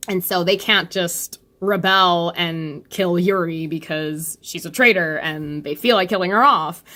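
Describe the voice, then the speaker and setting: Chatty, rambling woman, lowish voice. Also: measured pace, pushed and bright. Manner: rambling, chatty, laughs often, frequent "like". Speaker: youtuber discussing a webcomic. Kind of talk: casual chat.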